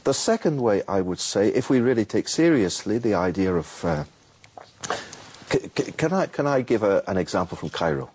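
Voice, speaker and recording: A man explaining how to invite people to Islam, telling a lively story and acting out a street vendor's calls. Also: lowish voice, moderate pace, slight background noise. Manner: animated, repeats words, acts out a street vendor's calls. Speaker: Muslim preacher guest.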